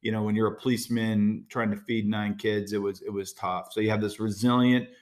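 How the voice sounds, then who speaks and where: Talking on his solo podcast, this middle-aged American host is casual and direct, often using fillers and going off on asides. His voice sits on the low side, with a level tone and fairly quick delivery.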